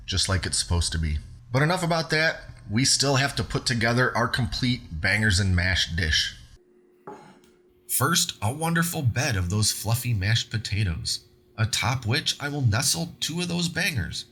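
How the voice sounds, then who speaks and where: A man narrates a home cooking recipe as the host of his own show, talking through each step in a chatty, upbeat way. His voice sits at an ordinary, middle pitch for a man. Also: sharp tone. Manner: upbeat and conversational.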